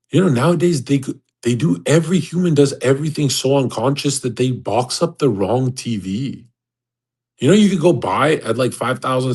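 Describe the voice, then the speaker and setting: A man's voice: medium pitch, a little mellow. A man hosting a livestream, delivering a crude, rambling, exasperated monologue. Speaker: livestream host. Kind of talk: profane ranting monologue.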